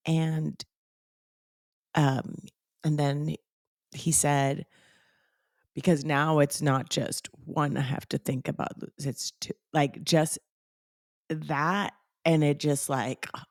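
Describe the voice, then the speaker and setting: A woman podcast host talking openly about her own dogs, in halting, restarting sentences. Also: deep voice, steady tone, vocal fry, a little mellow, dry recording, clean studio sound. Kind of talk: podcast interview conversation.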